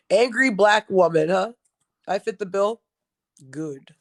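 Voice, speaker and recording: Gravelly-voiced woman riffing on the news. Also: medium pitch. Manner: blunt, sarcastic, laughs often. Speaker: show host. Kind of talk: casual commentary reading news aloud.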